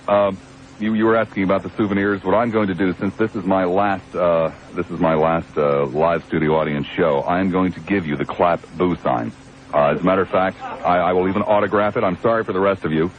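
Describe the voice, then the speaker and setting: A man hosting a call-in radio talk show, wry and rambling, teasing callers and his studio audience. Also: fairly low pitch. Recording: dull AM radio broadcast with faint hiss.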